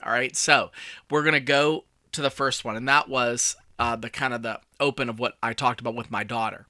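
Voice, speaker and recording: A man's voice: medium pitch, fairly even intonation, a little fast, sharp tone, no room sound. A man in his forties who hosts a podcast as a communication coach, telling stories in a chatty way with self-deprecating asides. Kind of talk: casual solo podcast talk.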